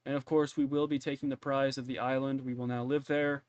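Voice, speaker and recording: Man playing a cocky young jock hero, bro talk, mid pitch, dry. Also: flat delivery, a little fast, a little mellow, clean tone, no room sound, lo-fi sound, lightly acted. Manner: bro-ish, dismissive. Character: boastful young male jock adventurer.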